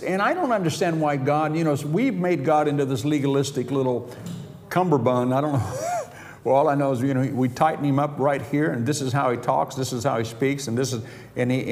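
A man's voice: mid-range voice, a little mellow. A middle-aged man preaching a sermon, telling stories with chuckles and quoting conversations in his own voice. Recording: reverberant hall, faint background noise.

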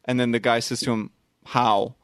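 A man's voice: mid-range voice, level tone, a bit bright, no echo. A man co-hosting a casual podcast chat, swearing freely and stumbling through restarts when he gets worked up. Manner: profane, emphatic, halting with restarts. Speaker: podcast co-host.

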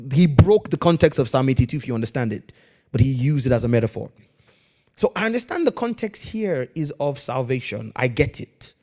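A man preaching a sermon as pastor, swinging from quiet, measured lines to loud, emphatic ones and calling on the congregation to answer back. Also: medium pitch. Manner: calls on the congregation to respond.

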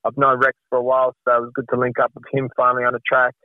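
A relaxed man chats about his work in a casual interview, trailing off with ums. His voice comes down a narrow, tinny phone line. The sound is dry and close. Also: medium pitch, rapid-fire, no echo. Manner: relaxed, many ums, says mate. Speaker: guest rapper.

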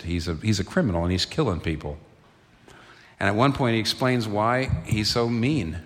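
A man with a fairly low voice preaches earnestly, building from quiet explanation to emphatic peaks. His sermon rings out with a long reverb trailing off the walls of a church hall. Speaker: pastor.

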